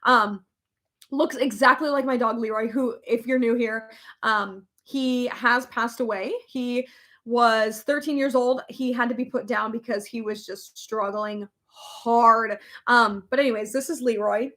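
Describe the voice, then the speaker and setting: A woman's voice: on the high side, steady tone, unhurried, fairly bright tone. A young woman hosting a casual live chat, rambling with many fillers and laughing often. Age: young adult. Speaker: livestream host reading comments.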